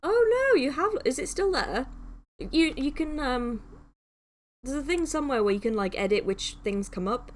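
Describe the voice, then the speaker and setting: A woman's voice: high voice, sing-song, normal speed, slight background noise. A woman streaming a game live, reading its text aloud and gushing thanks to viewers.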